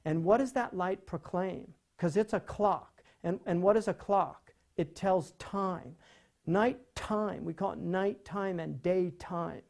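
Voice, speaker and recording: Male lecturer, warm mellow tone, conversational, keeps checking in with rhetorical questions. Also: high voice, slow, gravelly. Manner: rhetorical questions, frequent "right?"; animated, conversational teaching. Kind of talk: lecture on poetry.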